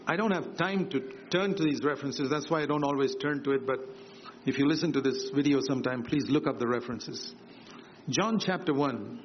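A man's voice: a little fast, slight background noise. A man preaching a sermon, emphatic and repetitive, lifting his voice for quoted words. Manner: emphatic, repeats key phrases, swings higher for quoted words. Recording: dull lo-fi sermon recording with faint ambience.

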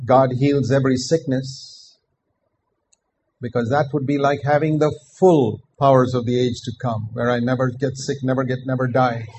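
An older man preaching a sermon in an earnest, measured way, repeating his key phrases for emphasis. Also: medium pitch, darkish tone, slight background noise, low-quality recording.

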